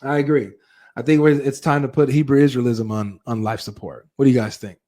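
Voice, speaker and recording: A man hosting a live reaction stream, reading chat and talking straight to his viewers in an animated way. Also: medium pitch, brisk. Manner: animated, talks straight to viewers with frequent asides.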